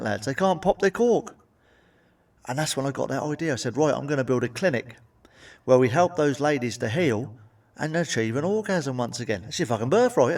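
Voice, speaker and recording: A middle-aged man doing a crude stand-up comedy routine, swearing freely and landing deadpan punchlines. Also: mid-range voice, distant mic.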